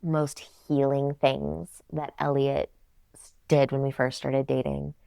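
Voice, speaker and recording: A woman who works as a therapist, talking in a casual podcast conversation, calm and affirming with frequent soft agreement. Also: a bass voice, unhurried, vocal fry, no room sound.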